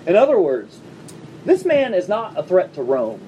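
A male pastor preaching a sermon to his congregation in a church, speaking in a conversational way with quick asides and humor. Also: sits high, huge pitch swings, dark tone, far from the mic, dull audio, slight background noise. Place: church service before a congregation.

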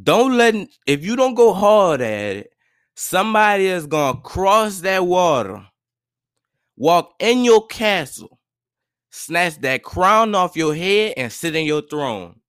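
Man, motivational podcast host, preachy and repetitive, high voice, dry close sound. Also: big pitch swings, takes it slowly, fairly bright tone, clean tone, dry recording. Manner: repetitive, preachy, conversational slang, stumbles and restarts. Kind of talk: casual motivational monologue.

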